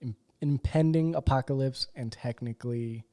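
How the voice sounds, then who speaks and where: Laid-back male co-host, casual chat, mid pitch, loose mumbled asides. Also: normal speed, dark tone. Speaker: podcast co-host.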